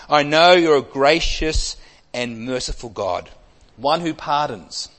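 A man preaching an expository sermon, emphatic, with wide swings between loud and soft. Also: on the high side, expressive, takes it slowly. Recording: long hall reverb.

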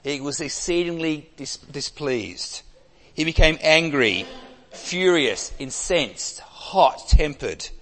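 A man preaching an expository sermon, emphatic, with wide swings between loud and soft. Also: fairly high pitch, lively intonation, slow. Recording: long hall reverb.

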